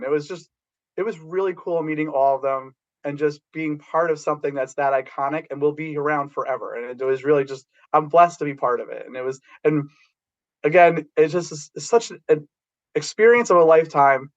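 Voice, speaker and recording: A middle-aged man tells stories in a loose, rambling way, full of restarts. His voice sits a little high for a man. The recording sounds dull and lo-fi. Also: fairly quick. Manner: rambling, animated storytelling with restarts. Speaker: guest, background actor. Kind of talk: casual anecdote telling.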